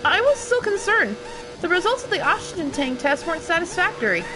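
A woman voicing a meek, apologetic female engineer from a video game, speaking softly and timidly. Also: very high voice, very animated, a little fast, music in the background, pitched above the performer's own voice, rough recording. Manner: soft-spoken and timid.

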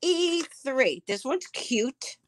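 Slow, chatty woman selling live. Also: high-pitched, very animated, slight background noise. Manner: chatty, answers viewer comments by name; describes items aloud as she handles them. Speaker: live auction seller. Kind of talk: casual live-stream selling.

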